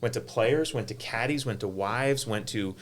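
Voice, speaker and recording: A middle-aged man, a golf tournament director, telling stories in an animated way on a panel, full of "like" fillers. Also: medium pitch, moderate pace. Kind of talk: panel conversation, storytelling.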